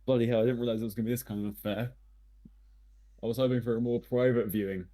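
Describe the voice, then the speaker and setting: A man's voice: medium pitch, fairly even intonation, fast talker, mellow. A man playing a character in a tabletop game, speaking politely and hesitantly with dry understatement. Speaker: player. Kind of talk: in-character role-play.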